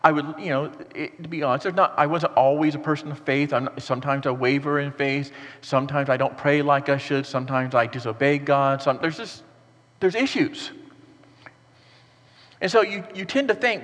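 Male pastor, slightly high voice, lively sermon delivery, long hall reverb. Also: moderate pace. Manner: earnest, animated preaching with rhetorical questions.

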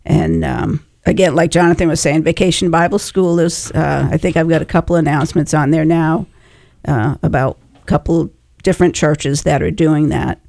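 A man's voice: fairly high pitch, steady tone, moderate pace, gravelly, a little mellow, dry recording. A man co-hosting a radio show, explaining station services plainly with some fillers. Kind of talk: casual radio chat.

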